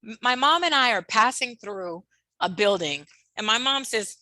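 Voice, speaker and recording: Woman, workshop presenter, bright voice, dry sound, video call, expressive, laughs often. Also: fairly high pitch, normal speed, no echo, poor audio. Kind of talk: animated webinar talk.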